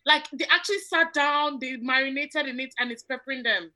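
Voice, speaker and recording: Bright high-voiced woman chatting casually. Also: fairly quick, low-quality recording. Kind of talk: casual chat.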